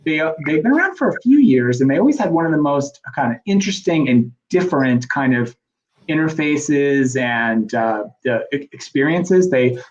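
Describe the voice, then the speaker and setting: A man's voice: medium pitch, lively intonation, moderate pace, lo-fi sound. A middle-aged man from the southern United States co-hosting a podcast, chatting in a rambling, self-deprecating way. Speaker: podcast co-host. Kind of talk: casual chat.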